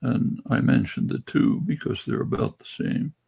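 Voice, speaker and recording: An older man giving a measured, academic explanation in slow, deliberate phrases with pauses. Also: medium pitch, creaky, dark tone, breathy edge. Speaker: guest speaker.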